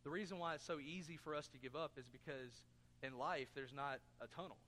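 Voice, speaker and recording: A man's voice: fairly high pitch, brisk, pushed and bright, long reverb tail, a little hiss or hum. A man preaching a sermon as pastor, earnest, asking his congregation questions and throwing in jokes. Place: church sanctuary.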